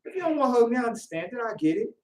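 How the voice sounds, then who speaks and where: A man preaching a sermon in casual, conversational speech, lively as he acts out voices. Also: extremely high pitch, rapid-fire. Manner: animated, acts out quoted voices. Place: worship hall. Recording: echoey room, voice from far off.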